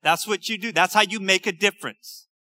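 A man's voice: sits high, a little fast, sharp tone, dry recording, studio quality. A man preaching a sermon, reading scripture and explaining it in a conversational way with slangy asides. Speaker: pastor.

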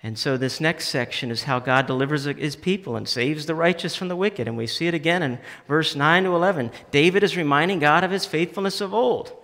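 A pastor delivers his sermon in a bright, forceful voice that sits a little high, with long reverb from the hall around him. He reads scripture aloud with feeling and swells into impassioned shouts on his key lines. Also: fairly quick, hardly any pauses.

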